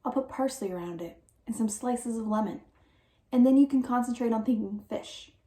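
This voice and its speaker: A woman's voice: on the high side, moderate pace, warm tone, lightly acted. Woman doing young Tom, eager and scheming. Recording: roomy echo.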